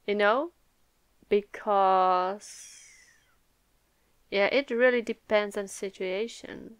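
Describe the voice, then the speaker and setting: A young woman hosting a live comic reaction video, excitable and laughing often, swearing freely. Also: mid-range voice, slow, clear, resonant tone, dry recording. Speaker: manga reaction video host.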